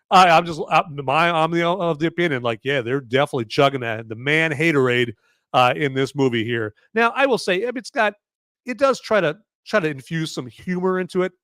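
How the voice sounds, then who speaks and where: A man's voice: on the high side, fairly bright tone, dry recording, clean studio sound. A man hosting a podcast, rambling through a casual live movie review with lots of fillers, restarts and sarcastic asides. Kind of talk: casual live-stream commentary.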